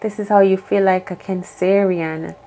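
A woman's voice: mid-range voice, fairly even intonation, normal speed, mellow. A woman giving a solo tarot reading. She sounds affirming and encouraging and thinks aloud as she goes. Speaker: tarot reader.

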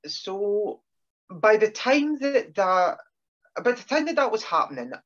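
A northeast Scottish man with a somewhat high voice spins filler-heavy anecdotes as a podcast guest. His jokes are dry and self-deprecating. The audio is dull and lo-fi, like a remote call. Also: big pitch swings, measured pace, a bit bright. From northeast Scotland. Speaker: wrestler guest. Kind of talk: casual interview chat.

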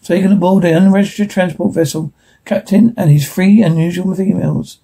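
Gravelly man reading a script aloud. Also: sits high, fairly even intonation, a little fast, warm tone. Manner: stumbling over words. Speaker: reader of a script. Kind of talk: reading a script aloud, naming each speaker.

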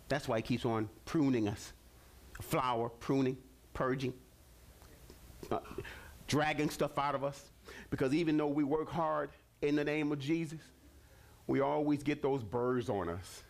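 A man preaching a sermon on a television ministry broadcast, animated and repetitive, with stammered restarts and sudden bursts. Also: medium pitch, measured pace.

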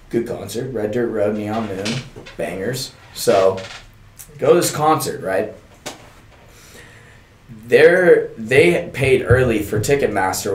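A man's voice: mid-range voice, reverberant. A young man, a podcast guest, telling a long story in a casual, profane, laid-back way and laughing often.

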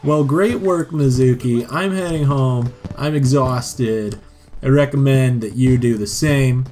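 A man's voice: medium pitch, measured pace, dark tone. A man giving wry, joking let's play commentary on a life-sim game. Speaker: gameplay commentator.

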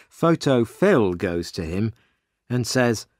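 A man narrating a simple story slowly and clearly for English learners. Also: mid-range voice, dry recording, studio quality. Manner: slow, clear and expressive reading.

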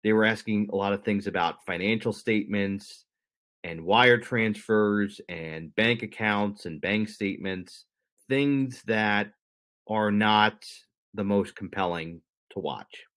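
A young podcast co-host with a lowish, slightly bright voice takes it slowly as he talks through a story. His casual explanation rambles, with self-corrections and dry jokes slipped in.

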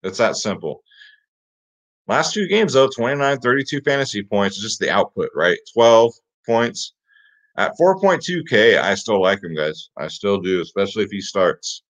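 A man's voice: on the low side, lively intonation, normal speed. A man hosting a fantasy sports picks show, talking casually and with energy, often repeating "guys" and "get him in there". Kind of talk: casual hyped picks rundown. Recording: slightly dull lo-fi audio.

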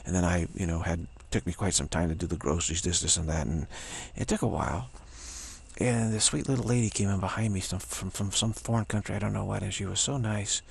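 A man's voice: sits low, a little fast, gravelly, husky. A man telling a spiritual story in a rambling way, repeating himself and restarting often, with a sore throat. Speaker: spiritual teacher. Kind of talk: casual spoken reflection.

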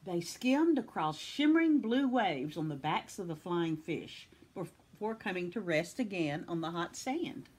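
A woman from Tennessee reading a children's picture book aloud with expressive storytelling. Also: lowish voice, breathy edge.

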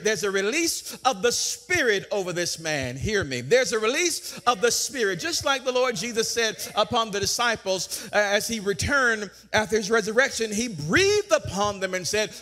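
A man preaching a sermon, fervent, repeating phrases and building to loud declarations. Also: extremely high pitch.

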